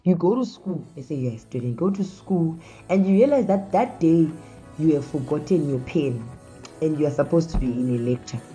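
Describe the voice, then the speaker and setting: A woman's voice: deep voice, lively intonation, normal speed, warm tone, faint music behind. A woman hosting a casual talk show, speaking conversationally and often calling her listeners "guys". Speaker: host.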